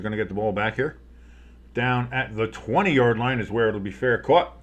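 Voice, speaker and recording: A man's voice: on the low side, normal speed, lo-fi sound. A man giving casual live play-by-play commentary on a football game, rambling and swearing as he reacts. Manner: rambling, swears, restarts his sentences.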